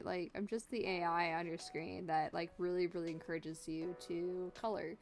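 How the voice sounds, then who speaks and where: A woman's voice: lowish voice, level tone, moderate pace, few pauses. A woman art streamer chatting casually and jokingly with her viewers as she draws, rambling and answering the chat. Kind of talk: casual livestream chat while drawing. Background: faint background music.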